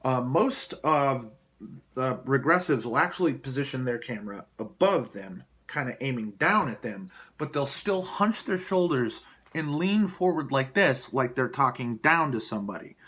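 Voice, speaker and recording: Male vlogger, sarcastic and rambling, mid-pitched, improvised single take. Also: expressive, normal speed, pushed and bright. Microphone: camera placed below him.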